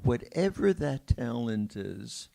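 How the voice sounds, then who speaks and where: An older man, a pianist, tells stories at a film Q&A in a theater, his gravelly, medium-pitched voice swinging widely in pitch. He speaks slowly and warmly, chuckling and acting out the voices of people he quotes.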